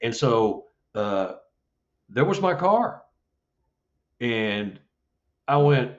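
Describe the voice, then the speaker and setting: A middle-aged man telling a story as an interview guest, acting out the dialogue with lively jumps in his voice. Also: drawn-out words, pauses often. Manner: animated, acts out dialogue with rising pitch. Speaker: Sasquatch investigator, guest. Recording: dull lo-fi audio.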